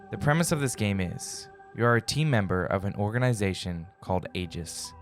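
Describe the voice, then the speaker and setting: Man, lowish voice, put-on creepy hushed narration, slow and drawn out, faint music behind. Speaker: game reviewer. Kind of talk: scripted narration.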